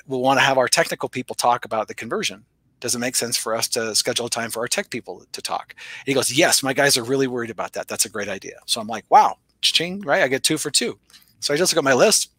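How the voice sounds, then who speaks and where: Male sales coach, quick and sharp-toned, animated storyteller with dialogue impressions; dry, close recording. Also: medium pitch, dry recording. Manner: animated storyteller, playful voice shifts for quoted lines. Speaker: sales trainer. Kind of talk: conversational teaching with acted-out dialogue.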